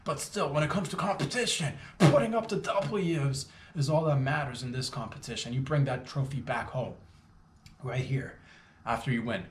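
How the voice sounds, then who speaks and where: A man from Canada giving a rambling, animated comedic monologue full of jokey asides and sudden loud bursts. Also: mid-range voice, moderate pace. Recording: roomy echo, faint background ambience.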